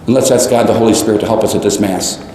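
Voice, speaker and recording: A male priest preaching a homily, animated and repeating phrases for emphasis, with jokes and tangents. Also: lowish voice, fast talker, slight background noise. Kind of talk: sermon. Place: large church. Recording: echoey church, long reverb.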